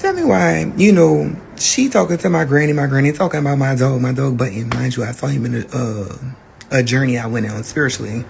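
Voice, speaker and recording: Guy with a super gravelly fry voice, swearing a lot while he tells his story, bit of faint room noise. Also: mid-range voice. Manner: candid, profane, animated storytelling. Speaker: podcast host. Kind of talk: personal storytelling.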